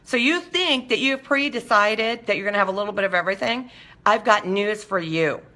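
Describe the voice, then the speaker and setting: A woman hosts a casual talk segment, addressing her audience directly. Her voice is bright and forward. She talks animatedly, slipping into quick mimicked voices to make her point. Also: medium pitch. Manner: animated, acts out quoted voices. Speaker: talk show host. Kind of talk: casual monologue to viewers.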